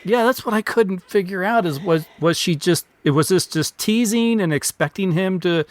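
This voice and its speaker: A man's voice: sits high, moderate pace. Musing man podcast co-host. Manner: questioning, musing, restarts. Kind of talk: casual film discussion.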